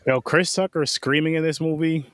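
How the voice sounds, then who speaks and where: A man co-hosting a casual movie review chat, excitable and swearing freely. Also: on the high side, moderate pace, dry recording. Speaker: podcast co-host.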